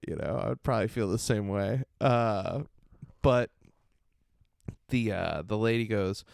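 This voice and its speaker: A young man hosting a podcast, telling a story in a casual, animated way, laughing and acting out what people said in a mocking voice. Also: on the low side, normal speed, vocal fry, dry recording, clean studio sound. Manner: animated, laughing, acts out quotes in a mocking raised voice. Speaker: podcast host and stand-up comedian.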